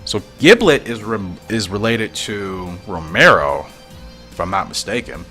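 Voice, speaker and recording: A man's voice: on the low side, animated, unhurried, sharp tone, soft background music. A man giving casual commentary while reading through a comic, musing and thinking aloud, at times confused.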